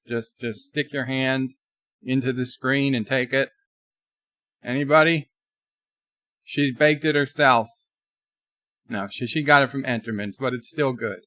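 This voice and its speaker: A man's voice: medium pitch, fairly bright tone, no echo, clean studio sound. A man hosting a casual live stream, rambling between topics and reading viewer chat aloud.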